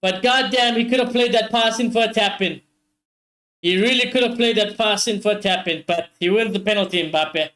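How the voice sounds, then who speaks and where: A man commentating live on a football match for his stream viewers, excitable, swearing often and talking straight to his audience. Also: high-pitched, normal speed.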